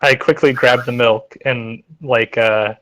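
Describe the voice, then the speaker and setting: A man's voice: mid-range voice, steady tone, slow pace, a bit bright, rough recording. A man playing a tabletop game online in an ordinary mid-range voice. He says what his character does with eager, casual energy. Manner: eager, declaring actions. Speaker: player.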